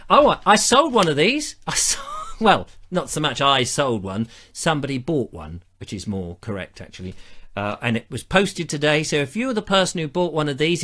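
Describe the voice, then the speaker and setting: A man's voice: on the high side, fairly bright tone. A man hosting a live online show, chatting casually and reading out viewer comments in a rambling, self-mocking way.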